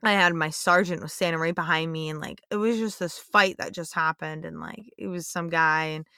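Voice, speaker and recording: A blunt young woman cop talks straight into a close mic, a little low in pitch. She lectures her listeners with heavy profanity and hard emphasis. The sound is dry, with no room at all. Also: moderate pace, bright, forceful tone, clear, resonant tone, dry recording. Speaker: podcast host, police officer. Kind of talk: blunt opinionated monologue.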